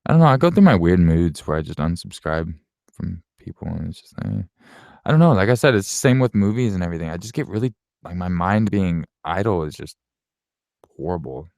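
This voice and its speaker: A man's voice: sits low, expressive, fairly quick, gravelly, a little mellow, dry recording, studio quality. A man in his late twenties at home, answering viewer questions in a blunt, offhand way, swearing and laughing often. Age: late 20s. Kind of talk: casual Q&A chat.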